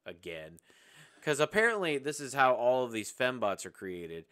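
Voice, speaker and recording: A young man with a bright, crisp, mid-pitched voice, joking around on a movie podcast. He swears casually and slips into bits from the film as he talks. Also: big pitch swings, normal speed. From Southern US. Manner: jokey, acts out film lines, swears. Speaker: podcast co-host.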